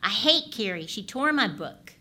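A woman's voice: medium pitch, sing-song, moderate pace, bright, forceful tone. Woman playing an upset crying little boy. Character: upset five-year-old boy, crying and angry.

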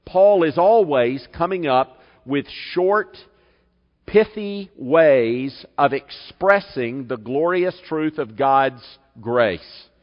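A man preaching a sermon as pastor, with measured delivery and slow, emphatic reading of scripture in a church. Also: fairly high pitch, expressive, long reverb tail, dull audio. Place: church sanctuary.

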